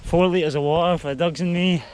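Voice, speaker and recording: A man's voice: on the high side, steady tone, brisk, darkish tone, slight background noise. Young Scottish man vlogging on a hike. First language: Spanish heritage only, English first. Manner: chatty, talks to the camera while walking uphill. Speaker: hiking vlogger. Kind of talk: casual walk-and-talk to camera. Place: outdoors on a misty mountain trail.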